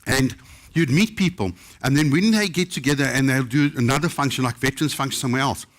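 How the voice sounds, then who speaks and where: A middle-aged man from South Africa, a chef telling lively, humorous stories to a live audience. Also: mid-range voice, quick pace. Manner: lively, humorous, mimics other people's voices in quotes. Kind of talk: live anecdotal storytelling to an audience.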